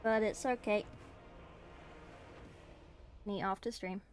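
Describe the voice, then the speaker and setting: A woman's voice: mid-range voice, fairly even intonation, slow, a little hiss or hum. A young woman painting miniatures on a livestream, chatting casually and answering viewer chat as she works. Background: faint background music.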